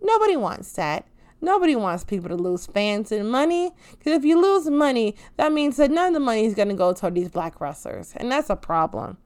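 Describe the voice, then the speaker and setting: A woman delivers an impassioned, profanity-laced rant as a show host. Her slightly high voice leaps even higher when she's angry, then drops low and quiet when she turns sarcastic. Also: brisk. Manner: heated, profane, swings loud and pitch-jumping.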